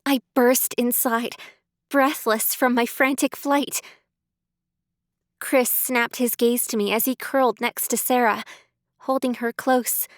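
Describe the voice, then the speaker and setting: A woman narrating a first-person audiobook in a measured way, close to the mic. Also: fairly high pitch, steady tone, dry recording.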